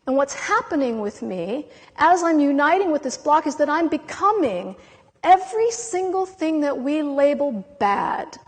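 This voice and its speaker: A woman giving an impassioned spiritual talk, emotional and intense, with long dramatic pauses between words. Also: sits high. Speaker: spiritual speaker. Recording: long hall reverb.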